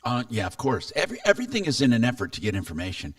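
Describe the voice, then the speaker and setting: A man's voice: mid-range voice, huge pitch swings, very fast, no room sound, distant mic. A man hosting a consumer talk radio show, chatting casually and reading listener texts aloud.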